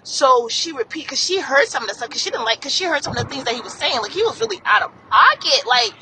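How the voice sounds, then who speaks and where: A woman with a high, very lively voice chats casually as a podcast co-host, jumping into acted-out quotes as she tells her stories. Road and traffic noise sits clearly behind her. She comes from the northern United States. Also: quick pace. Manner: animated storytelling with acted-out quotes and laughter. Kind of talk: casual chat.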